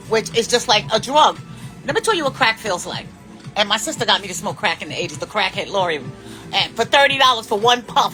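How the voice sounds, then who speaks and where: A woman's voice: on the high side, pushed and bright. A woman in her fifties giving blunt, profane life advice in an unscripted monologue. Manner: blunt, profane and preachy, with big swings in emphasis.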